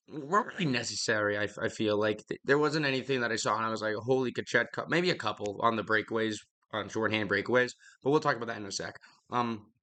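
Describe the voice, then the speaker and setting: A man's voice: fairly low pitch, sharp tone. A young man hosting a podcast, rambling bluntly through casual hockey commentary, out of breath and swearing freely. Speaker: podcast host.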